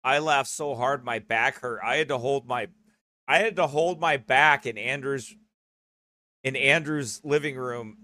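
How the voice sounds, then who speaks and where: A man's voice: mid-range voice, a little slow, pushed and bright, dry recording. A man hosting a broadcast, rambling casually and often checking in with "okay?" or "right?" and breaking into laughter. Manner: laughs often while talking. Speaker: host.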